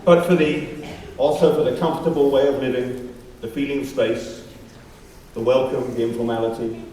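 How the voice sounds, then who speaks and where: A man, a rabbi, giving a measured, formal speech to a school assembly, with wry asides. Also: medium pitch, fairly even intonation, warm tone. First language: not Australian-born. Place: large school hall. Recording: very echoey hall from far off, faint background noise.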